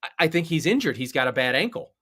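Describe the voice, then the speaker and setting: A man co-hosting a podcast, chatting casually about soccer, getting excited and swearing when worked up. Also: on the high side, fast talker. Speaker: podcast co-host. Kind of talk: casual sports chat.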